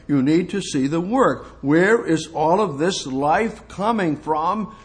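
A man preaching a sermon, reading scripture slowly and pressing his points with emphatic rhetorical questions that swing from soft to exclamatory. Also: on the high side, animated. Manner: reads scripture slowly and deliberately. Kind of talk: expository sermon.

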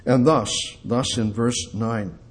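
A man's voice: medium pitch, fairly even intonation, slow pace, slight background noise. An older man preaching a sermon, emphatic and repetitive, quoting scripture and putting questions to his listeners. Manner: emphatic, repeats phrases, quotes scripture, asks the congregation questions.

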